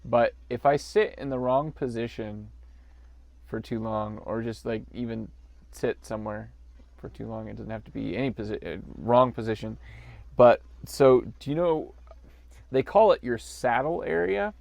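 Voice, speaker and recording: A man's voice: medium pitch, moderate pace, vocal fry, a little mellow. A man co-hosting a podcast, riffing on a movie in jokey, rambling banter and laughing often. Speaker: podcast co-host.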